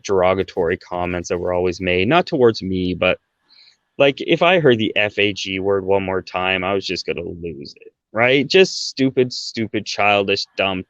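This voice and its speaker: A podcast guest in his thirties from Canada relates something from his own life in a relaxed, chatty manner, often ending sentences with "right?" and using "like" as filler. His voice is on the low side; the sound is lo-fi with no echo.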